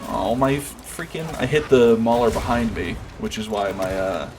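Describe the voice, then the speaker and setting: Streaming a game, a man chats casually and rambles, with lots of fillers and restarts. His mid-range voice is expressive at normal speed, and game noise plays in the background.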